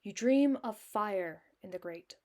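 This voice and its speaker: A woman's voice: mid-range voice, animated, measured pace, darkish tone. An Irish woman streaming a solo tabletop game, narrating and breaking off into chatty, self-mocking asides.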